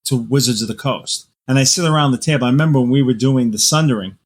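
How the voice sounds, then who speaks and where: Man, guest author, casual interview chat, animated storytelling, playful exaggeration, mid-pitched voice. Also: fast talker.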